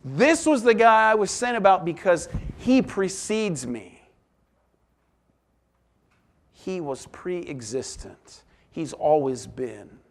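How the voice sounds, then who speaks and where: A male pastor delivers a sermon in a high, light voice. He takes his time, letting each phrase land slowly, then shifts from ringing emphasis to near-whispered reflection. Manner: expressive, swings between emphatic exclamations and soft hushed asides.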